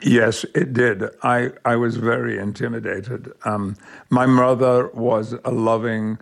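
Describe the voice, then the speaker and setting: An older man with an English accent, an actor answering interview questions in a measured, emphatic way. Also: mid-range voice, fairly even intonation, gravelly. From England. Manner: measured, warmly emphatic, slows on key words. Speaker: guest, actor.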